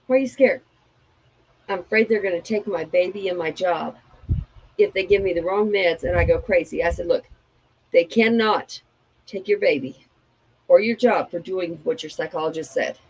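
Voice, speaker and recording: Husky woman co-host, frank advice-giving chat, kinda muffled lo-fi sound. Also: lowish voice, normal speed, pauses often, a little mellow. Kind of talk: candid personal chat.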